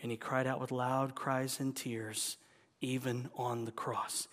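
A man preaching a sermon, his voice swelling to loud pleading and dropping to hushed whispers. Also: medium pitch, flat delivery, slow. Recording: long hall reverb.

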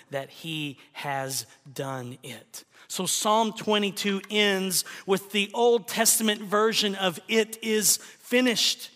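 A man preaching a sermon, swinging from loud fervent cries to hushed near-whispers. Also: high-pitched. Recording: long hall reverb.

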